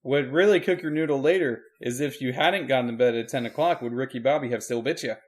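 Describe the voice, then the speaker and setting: Calm reflective podcast man. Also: medium pitch, quick pace. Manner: calm, reflective, short back-channel replies. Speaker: podcast co-host. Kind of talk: casual chat.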